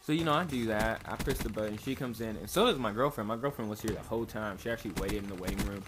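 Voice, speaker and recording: A man's voice: lowish voice, fast. A young man telling a story to his viewers in a rambling, profane, laid-back way. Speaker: vlogger. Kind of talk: casual storytelling to camera. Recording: noisy home recording.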